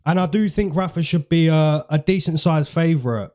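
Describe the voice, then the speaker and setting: A man's voice: fairly high pitch, moderate pace, warm tone. A man hosting fight predictions in casual, chatty commentary, repeating phrases for emphasis and using slang.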